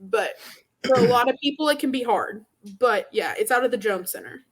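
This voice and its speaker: A woman's voice: a little high, lively intonation, fairly quick. A woman from Arkansas co-hosting a casual sports podcast, blunt and opinionated. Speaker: podcast co-host.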